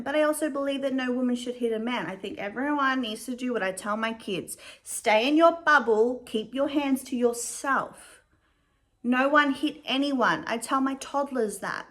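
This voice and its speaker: A young adult woman giving casual commentary as a vlogger, chatty and measured, with frequent fillers. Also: on the high side, fairly bright tone.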